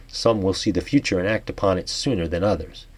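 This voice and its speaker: A man with a New York accent and a low, slightly rough voice reads an article aloud, then muses on it haltingly. He keeps restarting his sentences and trailing off into fillers.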